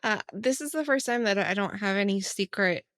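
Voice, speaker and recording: A woman co-hosting a podcast in casual chat, wry and quick to laugh. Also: medium pitch, expressive, fairly bright tone, no room sound, clean studio sound. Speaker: podcast co-host.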